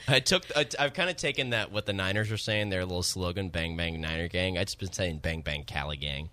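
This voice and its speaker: A man's voice: sits low, brisk, pushed and bright. A man hosting a radio station podcast, joking easily in casual chat and wrapping up the show. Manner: jokey, easygoing.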